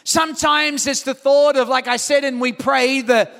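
A pastor with a very high, bright, gravelly voice preaches with animated storytelling, throwing questions out to his congregation. The sound rings with long reverb across a large church hall. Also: moderate pace. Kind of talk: sermon. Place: church auditorium.

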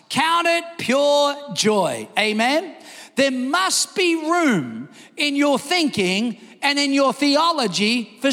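A man preaching a sermon, telling a story with energy and shouting the quoted lines. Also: very high-pitched. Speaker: pastor. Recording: long hall reverb.

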